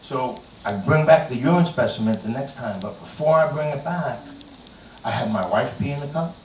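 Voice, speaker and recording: A man does a bawdy stand-up set in a comedy club, telling crude, dirty jokes packed with "I said, he said." His medium-pitched voice is animated and moderately paced. The mic is far off in an echoey room, with a little hiss or hum.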